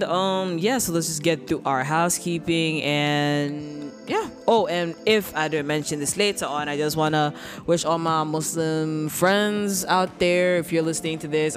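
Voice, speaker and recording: A young adult woman hosting her podcast in a casual, upbeat way, full of "like" and "you know". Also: deep voice. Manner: chatty, upbeat, heavy use of "like" and "you know". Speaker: podcast host. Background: background music.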